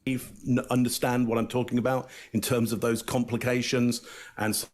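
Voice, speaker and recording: A man talks through his read of body language in a measured, deliberate way, leaning on fillers as he thinks. His voice sits in an ordinary middle pitch. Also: flat delivery. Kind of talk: casual panel analysis.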